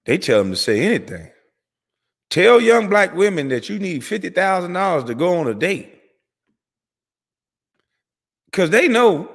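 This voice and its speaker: A man delivering an angry, profane commentary rant as host of his channel. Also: big-room sound. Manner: heated, profane, rapid swings in pitch and volume.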